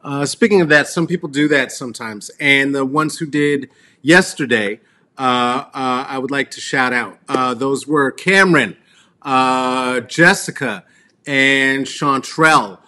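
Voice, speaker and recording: Middle-aged man, slow rambling comedy monologue, crude sarcastic asides, bright tone. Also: medium pitch. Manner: crude, sarcastic, many fillers and trailing asides. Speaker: comedy show host. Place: Colorado.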